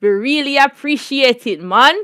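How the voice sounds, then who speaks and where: Jamaican woman, high voice, casual storytime, laughs a lot, dry close sound. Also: normal speed, clean tone, no room sound. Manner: laughs often, animated, repeats catchphrases. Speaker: channel host. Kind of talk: casual storytime livestream chat.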